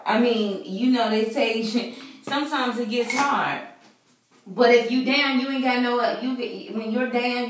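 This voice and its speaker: A woman's voice: a little high, distant mic. A woman vlogger giving an earnest, preachy faith talk to her viewers, casual and full of fillers. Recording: very echoey room, voice away from mic.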